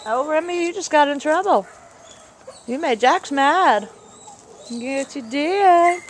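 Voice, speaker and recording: Woman pet owner, baby talk, coaxing sing-song, very high and lively; noisy home camcorder sound. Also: slow.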